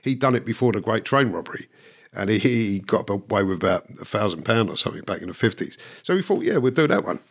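A man's voice: fairly low pitch, animated, quick pace. A man, a guest who tells his stories bluntly, swears and laughs at himself. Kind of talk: casual storytelling.

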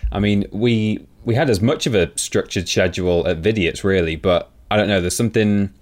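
A man's voice: lowish voice, normal speed, a little mellow. A man co-hosting a podcast, talking casually with many ums and restarts. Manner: hesitant, lots of ums and restarts. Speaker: podcast co-host. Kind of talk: casual chat.

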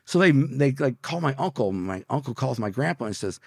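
A man's voice: medium pitch, lively intonation, a little fast, darkish tone, husky, dry recording, studio quality. A man from Detroit, a podcast guest, telling a brash street story and swearing freely. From Detroit, USA. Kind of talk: storytelling interview.

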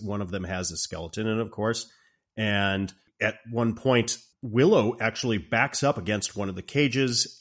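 A man casually recapping a fantasy film scene, retelling it in an animated way and acting out the lines. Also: medium pitch. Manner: animated storytelling, acting out quotes. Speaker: podcast co-host.

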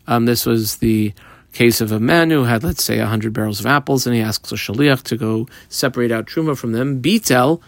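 Guy doing a talmud class, gravelly voice, reads a bit then explains it, lots of ums, dry close mic. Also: medium pitch, a little fast, dry recording. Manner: reads Aramaic phrases then explains them in English, with frequent ums. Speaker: Talmud teacher. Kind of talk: Talmud lesson, reading and translating.

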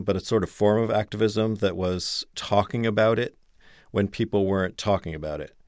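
A man speaking as a biographer in an interview, measured and thoughtful as he explains. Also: on the low side, a little mellow, clear, resonant tone, no echo, studio quality.

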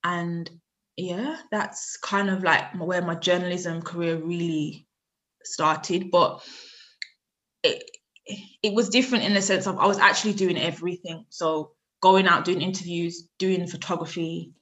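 Animated woman telling a story. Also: lowish voice, unhurried. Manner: animated, acts out other people's lines, laughs often. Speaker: podcast guest, writer and journalist. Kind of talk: storytelling in casual interview.

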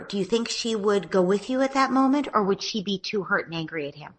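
A woman giving parenting advice in a podcast conversation, acting out gentle things a parent would say. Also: mid-range voice, lively intonation, fairly quick, rough recording. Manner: acts out gentle parent lines in a lilting voice. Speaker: parenting expert guest.

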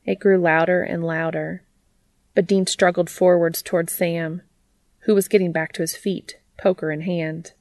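Woman narrating a story, low voice with lots of fry, dry close sound. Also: little pitch movement, moderate pace, a little mellow, no echo. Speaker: audiobook reader. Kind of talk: reading fiction aloud.

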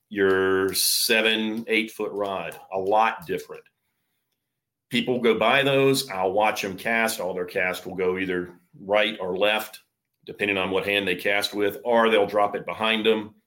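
A man from Florida who runs surf fishing charters answers questions in a relaxed way. His voice sits a little low. He explains things patiently and often stops on fillers. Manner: easygoing, explains with many fillers. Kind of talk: casual interview answers.

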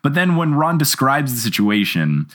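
A man hosting a casual podcast chat, retelling a story in an animated way and acting out the characters' lines. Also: mid-range voice, moderate pace. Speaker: podcast host.

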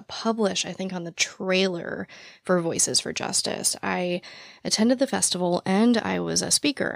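Raspy, breathless fast-talking woman. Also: on the low side, no room sound, clean studio sound. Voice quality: naturally raspy voice with vocal fry. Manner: talks very fast, breathless and rambling. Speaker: true crime podcast host. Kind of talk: casual podcast chat. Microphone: podcast mic, standing while recording.

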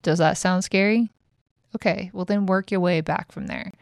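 Middle-aged woman, podcast host, casual motivational chat, low voice, dry close sound. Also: moderate pace, no echo. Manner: frank, chatty, swears casually.

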